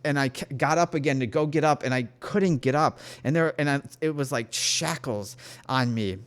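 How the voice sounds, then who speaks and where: A man speaks straight to his viewers about a spiritual experience, at an ordinary middle pitch. His delivery is earnest and emotional, and he keeps breaking off and restarting his sentences. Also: normal speed. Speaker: spirit guide. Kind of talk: personal spiritual storytelling to camera.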